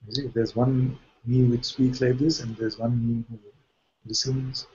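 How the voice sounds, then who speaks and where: A man's voice: medium pitch, little pitch movement, measured pace, mellow, husky, highs cut off. A man, a spiritual teacher, giving a playful, questioning satsang talk with light jokes.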